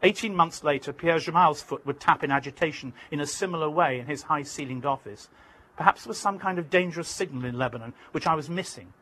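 A man's voice: a little high, quick pace, sharp tone, low-quality recording. A man from Britain, an author giving an emphatic, vivid reading from his own memoir.

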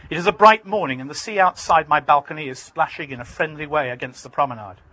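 A man's voice: fairly high pitch, fast talker, pushed and bright, low-quality recording. A man from Britain, an author giving an emphatic, vivid reading from his own memoir.

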